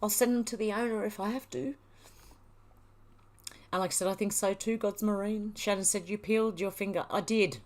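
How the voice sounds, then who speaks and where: Reading her viewers' comments aloud, a middle-aged Australian woman chats back casually on her livestream. Her pitch is medium, her intonation fairly even, and she keeps a moderate pace.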